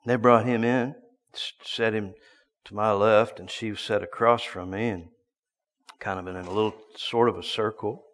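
Preacher in a reverberant hall. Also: male voice, on the low side, steady tone, moderate pace. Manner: storytelling, swinging from hushed to loud bursts. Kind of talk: sermon.

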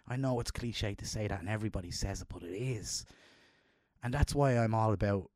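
A middle-aged man on a casual podcast, low-voiced and heartfelt. He turns emotional and jumps up high when he quotes himself. The sound is dry and close. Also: normal speed, a little mellow, no echo. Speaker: podcast co-host. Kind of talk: casual chat.

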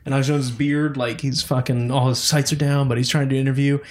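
A man in casual, profane chat, telling animated stories and quoting people. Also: medium pitch. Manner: fast, animated storytelling with quoted voices.

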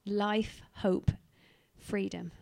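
A woman's voice: mid-range voice, level tone, very slow, gravelly, a little mellow. A woman preacher voicing Jesus as a resolute, loving grown man, speaking in earnest, emphatic lists.

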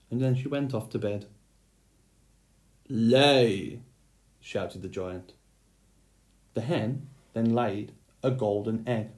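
A man reading a fairy tale aloud, his voice on the low side and his pace very slow and measured. Each phrase is given room. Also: a little mellow, roomy sound. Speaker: storyteller. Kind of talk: storybook read-aloud.

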